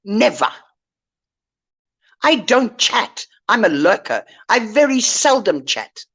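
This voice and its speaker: Older woman, indignant lecturing rant, slow deliberate delivery, pitch swooping up and down, online call audio. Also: big pitch swings, a bit bright, slightly rough. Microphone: online call mic.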